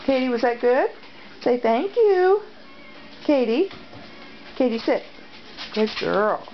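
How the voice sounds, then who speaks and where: Lady baby-talking her dogs, high squeaky voice, bit gravelly, muffled camcorder sound. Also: unhurried, faint music behind. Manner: cooing sing-song baby talk to dogs. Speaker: dog owner filming her pets. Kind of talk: home video, talking to pets. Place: at home. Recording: dull lo-fi home video with background noise.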